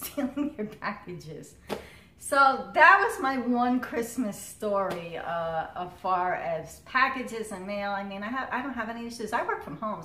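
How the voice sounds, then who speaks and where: Chatty woman telling a story, echoey room. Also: mid-range voice. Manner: animated, quotes herself and others, laughs often. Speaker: cross stitch vlogger. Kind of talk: casual storytelling vlog. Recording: echoey room with faint noise.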